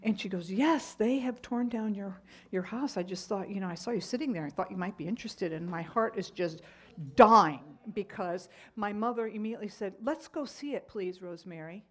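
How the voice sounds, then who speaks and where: A woman's voice: mid-range voice, normal speed. A middle-aged woman teaching a Bible lesson, telling a personal story in a conversational way with fillers and asides.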